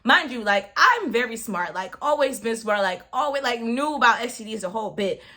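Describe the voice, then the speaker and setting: A woman telling a personal story in a casual, animated way, with many fillers. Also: a little high, brisk. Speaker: vlogger.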